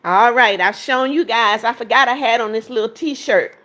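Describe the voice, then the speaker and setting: A chatty woman with a slightly high voice talks casually into her phone on a livestream. She reads out viewer comments and answers them, walking through her apartment and pointing things out. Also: normal speed, bright, forceful tone. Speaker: livestream host. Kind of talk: casual livestream chat, reading comments aloud.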